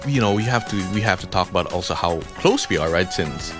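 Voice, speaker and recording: Young male radio co-host, lowish voice, relaxed chatty banter, music bed clearly under him. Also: fast.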